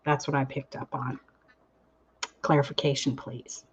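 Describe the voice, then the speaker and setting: A woman hosting a live tarot stream, reading cards aloud for viewers. She talks slowly and enthusiastically. The audio is slightly muffled, as on an online stream. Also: a bass voice, little pitch movement, a little hiss or hum. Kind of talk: casual live chat. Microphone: online call audio.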